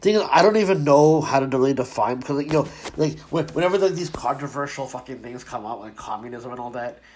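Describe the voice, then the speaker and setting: Male host, casual profane rant, rambling delivery, average pitch. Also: expressive, fast talker, a little mellow. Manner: rambling, profane, many fillers and restarts. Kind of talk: casual ranting commentary.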